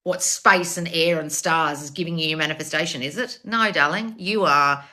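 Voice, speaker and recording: A self-help coach on a livestream answers viewer comments bluntly, swearing freely and calling everyone darling. Her deep voice is bright and forward, at a moderate pace.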